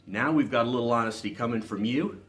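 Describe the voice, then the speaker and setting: A man reading aloud and voicing an earnest, gently teasing young man in a storybook. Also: mid-range voice, fast, close to an everyday voice.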